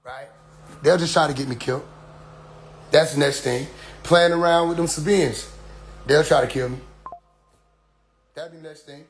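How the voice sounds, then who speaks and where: Middle-aged male leader, preachy address, fairly high voice, faint hum behind. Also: steady tone, moderate pace, long pauses. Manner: preachy, repeats "you see?". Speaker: community leader addressing followers. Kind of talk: casual spoken address.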